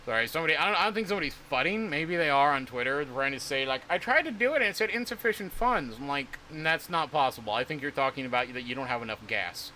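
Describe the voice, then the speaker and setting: Bright-voiced, exasperated rambling man. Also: on the high side, expressive, fast talker, hardly any pauses, slight background noise. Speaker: crypto streamer. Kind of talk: casual livestream talk.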